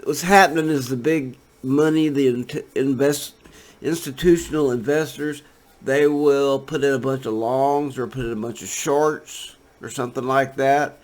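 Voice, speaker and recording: A man with a mid-range, darkish voice speaks a little slowly with fairly even intonation. He gives laid-back, rambling commentary on trading charts in a casual screen share, full of fillers and restarts.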